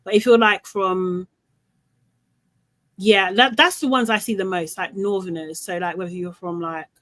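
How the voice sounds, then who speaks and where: A woman's voice: medium pitch, fairly even intonation, normal speed, a bit bright, dry recording, low-quality recording. A woman hosting a casual chat, talking in a rambling way that often trails off mid-sentence. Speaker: podcast host.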